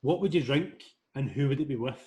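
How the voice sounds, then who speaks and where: A Scottish man running a casual podcast chat. He talks briskly and in a friendly way, trading banter with his guest. His pitch sits in a middle range. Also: darkish tone. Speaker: podcast host. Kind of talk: casual podcast chat over video call.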